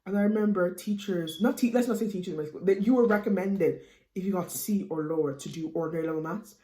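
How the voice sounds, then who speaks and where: A woman's voice: fairly low pitch, quick pace, reverberant. A young Irish woman in her late teens, chatting casually and animatedly to camera as a student vlogger. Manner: chatty, animated, with lots of fillers like "you know what I mean".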